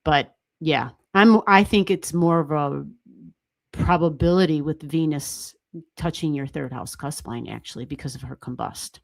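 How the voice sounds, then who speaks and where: A woman hosting a livestream in a lower, easygoing voice, talking casually and getting excited, laughing and swearing now and then. The sound is dry and close, with little room around it. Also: a little slow, creaky, dry recording. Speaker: astrology livestream host.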